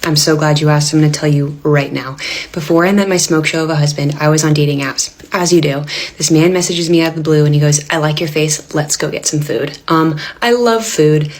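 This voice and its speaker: Low-voiced woman telling a wry story. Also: brisk, darkish tone. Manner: wry, dry comic timing. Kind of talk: casual storytelling to camera.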